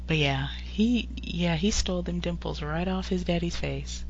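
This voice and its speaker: A woman's voice: fairly low pitch, moderate pace, gravelly. A woman co-hosting a casual celebrity chat, playful and slangy, slipping into whispered asides. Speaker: podcast co-host. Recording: dull lo-fi recording with hum.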